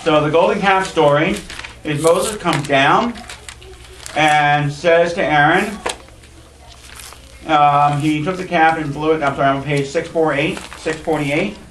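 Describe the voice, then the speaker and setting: A man's voice: on the high side, a little slow. A man, a rabbi, giving an informal Bible lecture to an adult class. He teaches with wry asides and jokes. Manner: lively, wry asides and joking. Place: synagogue classroom. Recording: echoey room, mic far off, faint hiss.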